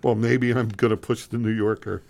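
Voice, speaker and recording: A man co-hosting a radio show, joking around with wry, teasing, deadpan banter. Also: fairly low pitch, moderate pace, gravelly. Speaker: radio co-host.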